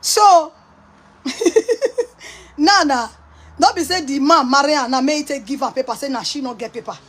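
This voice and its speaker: A Nigerian woman talks straight to her viewers in a high voice, mocking and scolding as she goes. She breaks into laughter often. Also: a little fast, a bit bright. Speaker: online commentator. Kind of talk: casual rant to viewers.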